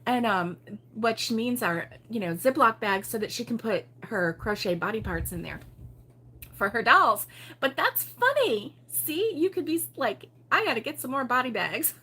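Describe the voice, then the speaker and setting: A woman from Baltimore hosting a relaxed morning livestream, chatting and giggling as she reads viewer comments aloud. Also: fairly high pitch, measured pace, husky. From Baltimore, USA. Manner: chatty and giggly, with frequent fillers and laughs. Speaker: host of a crochet livestream. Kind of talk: casual morning chat reading viewer comments.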